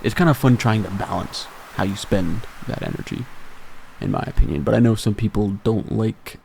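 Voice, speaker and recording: A man's voice: fairly low pitch, normal speed, gravelly, a little mellow, slight background noise. A young man streaming a video game, chatting casually with rambling, self-deprecating asides and frequent chuckles. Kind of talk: casual gameplay commentary.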